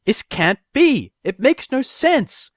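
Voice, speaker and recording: A man voicing a studious young female unicorn yelling in frustration. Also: very high-pitched, big pitch swings, slow pace, no room sound, clean studio sound, voice pushed up, exaggerated voice. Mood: frustrated shouting. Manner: shouting in frustration.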